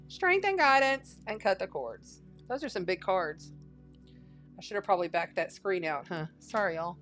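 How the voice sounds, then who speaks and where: A woman's voice: medium pitch, lively intonation, normal speed, fairly bright tone, faint music behind. A woman giving a casual spiritual tarot and astrology reading, chatty and folksy, repeating phrases for emphasis.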